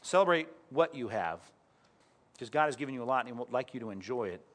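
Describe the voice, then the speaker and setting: A man's voice: medium pitch, lively intonation, quick pace, fairly bright tone. A middle-aged man preaching a sermon as a pastor, conversational and story-driven, often putting direct questions to his listeners.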